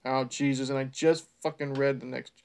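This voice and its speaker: A man's voice: mid-range voice, level tone, normal speed, a little mellow, smooth. A man doing a comedic read-aloud of bad fan fiction, breaking off into sarcastic, exasperated, profane asides. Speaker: reader.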